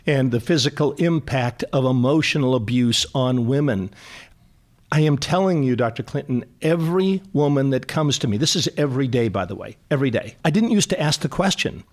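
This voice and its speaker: A man's voice: medium pitch, expressive, fairly quick. Earnest middle-aged man, emphatic repetition. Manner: earnest, emphatic, repeats words for stress. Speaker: clinical psychologist guest. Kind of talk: radio interview.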